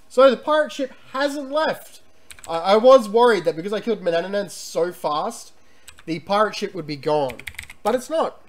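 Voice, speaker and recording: A man streaming a retro computer game, chatting excitedly and reading the game's text aloud. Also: high voice, moderate pace, long pauses, a little hiss or hum. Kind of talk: casual gameplay commentary and reading game text.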